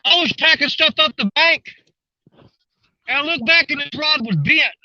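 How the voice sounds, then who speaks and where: A man, out of breath, giving excited live commentary to viewers while reeling in a fish outdoors. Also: extremely high pitch, normal speed, no room sound, highs cut off. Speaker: fishing vlogger. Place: outdoors at the water's edge.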